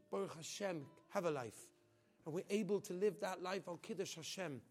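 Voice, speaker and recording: A man telling a dramatic story as a sermon, acting out the voices and swinging between loud outbursts and hushed, heavy passages. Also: high-pitched. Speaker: teacher on a school trip. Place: outdoors at a memorial site.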